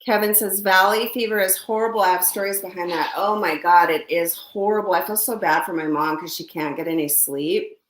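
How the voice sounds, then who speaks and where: A woman's voice: lowish voice, brisk, hardly any pauses, a bit bright. A woman casually chatting on a live stream from her home, reading viewer comments and gossiping while eating breakfast. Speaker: livestream host. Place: home under construction. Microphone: phone.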